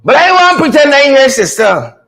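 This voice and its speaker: A man hosting a comedic commentary segment, teasing in a preacher-like way with drawn-out punchlines. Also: very high voice, sing-song, creaky, a bit bright, low-quality recording. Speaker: show host.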